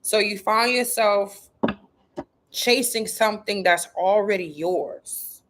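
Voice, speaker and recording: A woman speaking at a middle pitch in relaxed livestream chat. She is blunt and salty, tosses in slang and profanity, and circles back on her words to stress a point. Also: slow. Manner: blunt, profane and slangy, talking straight to viewers; emphatic, repeats herself for stress. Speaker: spiritual content creator. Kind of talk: casual livestream talk to viewers.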